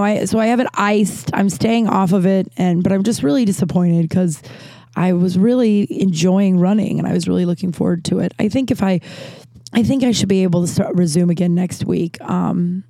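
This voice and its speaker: A woman's voice: on the low side, gravelly, dark tone, dry recording. A woman hosting a solo podcast from her closet, rambling candidly and swearing freely. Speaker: podcast host. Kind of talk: casual solo podcast chat. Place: small closet.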